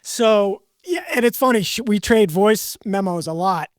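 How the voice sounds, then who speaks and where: A man's voice: sits high, unhurried, no echo, studio quality. A man hosting a podcast, talking candidly in a rambling, self-deprecating way. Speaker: podcast host. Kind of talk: casual podcast conversation.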